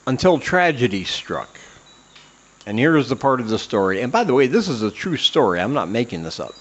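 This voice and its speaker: A man's voice: mid-range voice, sing-song, fairly quick, highs cut off. Rambling man telling a comic story. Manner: rambling, self-deprecating, many "uh" fillers. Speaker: podcast host. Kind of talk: comedic personal storytelling.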